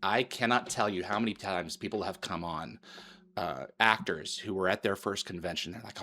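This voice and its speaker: A middle-aged man hosting an interview, talking earnestly and haltingly with many restarts. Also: sits low, bright, forceful tone. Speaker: host. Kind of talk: interview talk.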